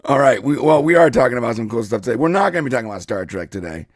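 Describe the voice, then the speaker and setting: A man co-hosting a casual podcast, his voice congested and hoarse, rambling and joking with lots of fillers and throat clearing. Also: medium pitch, lively intonation, very fast, no room sound, studio quality. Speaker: co-host.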